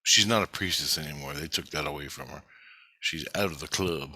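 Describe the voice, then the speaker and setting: A vlogger recounts spiritual experiences in a long, rambling, casual story, swearing often and jumping restlessly between thoughts. His voice is extremely low, husky, and sharp in tone, fairly quick, with no echo.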